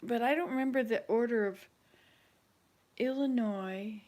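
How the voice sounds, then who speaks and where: A woman's voice: on the high side, unhurried, darkish tone. A woman hosting a casual chat with online viewers, thinking aloud and hesitating as she searches her memory. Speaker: channel host.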